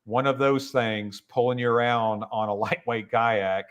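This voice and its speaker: A man hosting a podcast, chatting in an easygoing way and often pausing on "uh" and "you know". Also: medium pitch, steady tone, fairly bright tone. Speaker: podcast host. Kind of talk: casual podcast chat.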